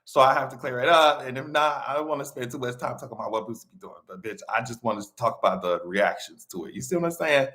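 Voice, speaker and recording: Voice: medium pitch, quick pace, few pauses. A live-stream commentator talking casually, swearing freely and laughing often. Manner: profane, animated, laughs often.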